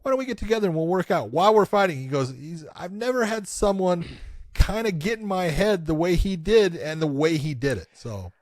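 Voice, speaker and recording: A man co-hosts a fight podcast, talking in an even, explanatory way. His voice sits a little high. The sound is dry and close. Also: brisk, dry recording. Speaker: podcast co-host, former referee. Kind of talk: casual chat.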